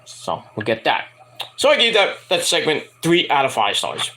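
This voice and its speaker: Bright-toned man ranting casually. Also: a little high, huge pitch swings, normal speed. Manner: rambling, profane, mocking rants. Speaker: wrestling show reviewer. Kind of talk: casual review vlog.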